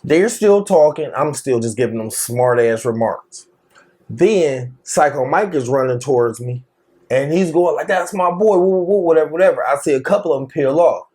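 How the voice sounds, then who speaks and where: A man telling a wild story in casual chat, slangy and animated, laughing often and acting out the quotes. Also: medium pitch, moderate pace. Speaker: podcast co-host telling a story.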